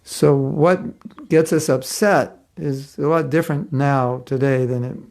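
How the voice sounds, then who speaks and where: A man's voice: medium pitch, steady tone, a little slow, creaky, darkish tone. A man giving a devotional class, telling stories in a conversational way and chuckling often. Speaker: spiritual teacher.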